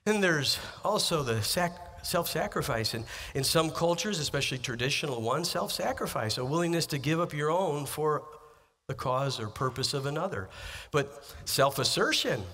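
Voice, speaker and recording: Middle-aged male pastor, sermon delivery, bright and slightly high, emphatic swings in volume. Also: lively intonation, normal speed. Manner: emphatic preaching with rising and dropping delivery.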